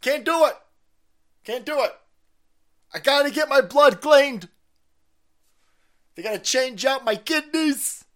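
A man's voice: expressive, slow pace, long pauses, a bit bright, exaggerated voice. A man doing a mocking impression of an elderly, stubborn male politician, blustering and repeating himself in a strained, raised voice. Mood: whiny. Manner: blustering, repetitive, strained high voice.

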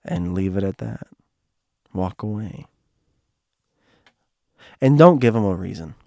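A man with a hoarse, strained throat telling a personal story in a casual monologue, rambling and restarting, heartfelt with bits of joking. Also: low-pitched, animated, slow pace, a little mellow, no room sound, clean studio sound.

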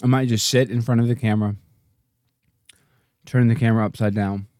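A man hosting a livestream, rambling and joking, sometimes jumping into goofy high-pitched bits. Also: fairly even intonation, fairly quick, a little mellow, no echo, studio quality. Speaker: livestream host. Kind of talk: casual livestream rant.

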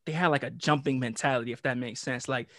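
A young American man casually telling a wild story, animated and full of profane slang. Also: medium pitch, fast, no room sound, studio quality. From United States. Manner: animated, profane street slang, acts out quotes.

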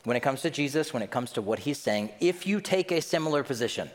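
A male pastor delivering a sermon with a very lively, swinging pitch. He acts out the people he quotes. His voice carries a long reverb, as if he is preaching in a big hall. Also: fast talker, hardly any pauses.

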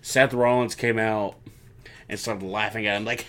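A man in a casual podcast chat, recapping wrestling shows as an animated storyteller who acts out what people said. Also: fairly low pitch, moderate pace.

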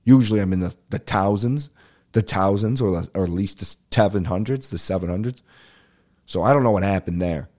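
Deep, mellow-voiced laid-back podcast host. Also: male voice, brisk. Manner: rambling, swearing, laid-back. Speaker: podcast host and stand-up comedian. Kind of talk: casual solo podcast chat.

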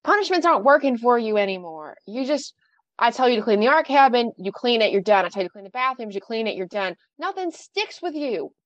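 A woman's voice: fairly high pitch, big pitch swings, a little fast, no echo. A woman voicing a stern middle-aged female camp director who scolds in a cold, clipped way, recorded a bit muffled. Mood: stern scolding. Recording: dry, slightly muffled recording.

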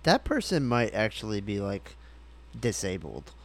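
A man's voice: lowish voice, big pitch swings, measured pace. A man chatting on a casual podcast with blunt, sarcastic remarks. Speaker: podcast co-host.

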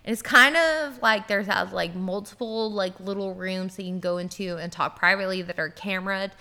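A woman in her thirties tells a story as a podcast co-host, talking loosely and swearing freely, with "like" scattered through every sentence. Her voice sounds bright and forward. Her pitch sits in the middle for a woman. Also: brisk. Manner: animated, swears freely, heavy use of "like". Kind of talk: casual storytelling chat.

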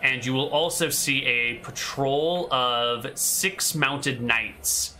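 A man's voice: medium pitch, takes it slowly, pushed and bright, a little hiss or hum. A man narrating a tabletop game as game master, describing scenes while thinking aloud.

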